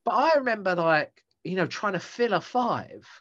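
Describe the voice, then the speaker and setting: Rambling self-mocking man, lively pitch. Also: moderate pace. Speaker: stand-up comedian, podcast host. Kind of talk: casual chat between comedians. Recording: dull lo-fi sound.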